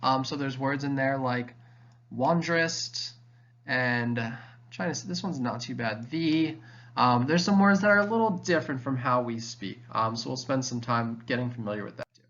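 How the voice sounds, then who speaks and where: A man's voice: medium pitch, moderate pace, fairly bright tone, lo-fi sound. A young man teaching a class, explaining casually with lots of "um" and "like" fillers. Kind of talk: recorded classroom lesson.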